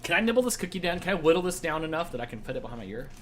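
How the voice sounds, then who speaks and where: Hosting a live trivia show, a playful man talks rapid-fire in a fairly high, sing-song voice, with a little hiss or hum in the background. His casual live-stream hosting is jokey and easily distracted.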